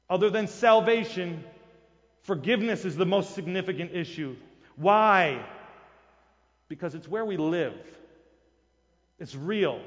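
A man preaches with a high, forceful voice, pressing his points with repeated questions. The sound is dull and carries a long echo from a large sanctuary. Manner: emphatic preaching, rising to loud rhetorical questions. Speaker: pastor. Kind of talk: sermon.

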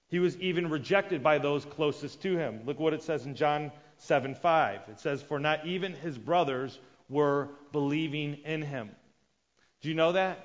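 A man preaching a sermon, shifting between loud emphatic lines and hushed asides as he acts out the people in his story. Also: on the high side. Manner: acts out quoted characters with sudden loud and hushed voices. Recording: dull sound with long reverb of a large hall.

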